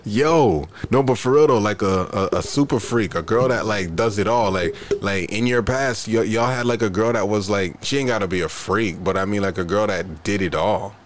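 A man's voice: fairly low pitch, slight background noise. A young man hosting a casual podcast, asking rambling questions full of fillers. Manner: drawn-out questions, lots of fillers. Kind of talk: casual joking chat.

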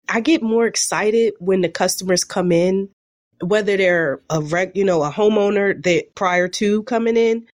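A woman's voice: medium pitch, a little mellow, dry recording. Woman, donations coordinator, eager, conversational, dry sound. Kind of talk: podcast conversation.

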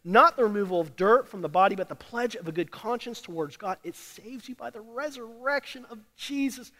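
A man preaching a sermon to a congregation, swinging from hushed murmurs to loud emphatic declarations and repeating key lines for emphasis. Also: high-pitched, animated, fairly quick, hardly any pauses. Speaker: pastor. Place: church sanctuary during a service. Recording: long hall reverb of a church.

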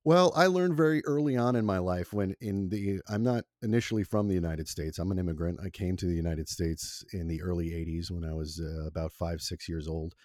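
Italian-born guy in his 40s, really low dark voice, rambly, lots of uhs, dry sound. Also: fairly quick, hardly any pauses, no room sound. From Italy. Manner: rambling, self-deprecating storyteller with many fillers. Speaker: former college radio producer. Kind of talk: relaxed interview conversation.

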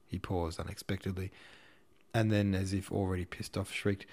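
A man narrating an audiobook in a steady, measured reading style. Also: deep voice, vocal fry. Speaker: audiobook narrator and podcast host.

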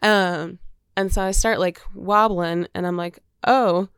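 A woman talks openly in casual podcast chat and laughs often as she goes. Her voice has a gravelly edge but stays smooth. The sound is dry and close. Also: on the low side, steady tone, a little slow, fairly bright tone, dry recording. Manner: chatty, candid, laughs often. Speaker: podcast co-host.

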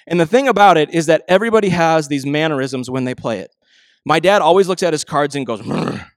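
Conversational pastor, bright tone. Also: male voice, on the high side, no echo. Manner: conversational storytelling, animated impressions of family; slows and softens for emphasis. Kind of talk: sermon.

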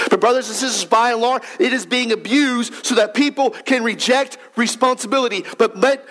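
A man pastor preaches a sermon with a markedly high voice for a man. He is emphatic and repeats key phrases. He drives points home with rhetorical questions. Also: a bit bright.

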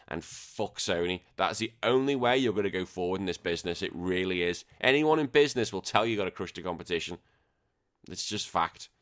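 A man's voice: on the low side, a bit bright. A British man hosting a gaming podcast, ranting bluntly and emphatically with frequent swearing. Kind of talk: opinionated podcast rant.

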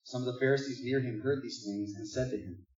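A man's voice: mid-range voice, fairly quick, a little mellow. A man preaching a sermon in a conversational, joking way, reading scripture aloud between asides. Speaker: pastor. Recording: distant echoey dull room recording.

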